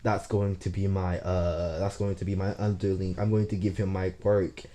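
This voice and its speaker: A man's voice: low voice, little pitch movement, moderate pace, dark tone, close to an everyday voice. A man voicing a scheming, domineering male villain in a retold fan story. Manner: greedy, domineering.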